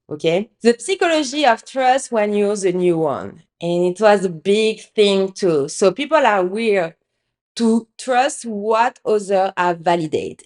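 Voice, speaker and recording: A woman's voice: medium pitch, a little mellow. A French-accented woman from France, hosting a podcast and telling business stories with a candid, emphatic manner. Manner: candid, emphatic, swears freely, acts out quotes. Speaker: podcast host. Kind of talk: casual business storytelling.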